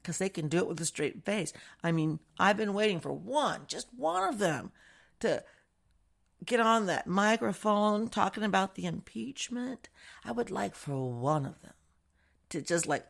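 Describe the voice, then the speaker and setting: Sarcastic, gravelly woman commentator. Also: mid-range voice, lively intonation, measured pace. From United States. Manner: sarcastic, chatty, laughs often. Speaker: political commentary host. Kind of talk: casual opinion monologue.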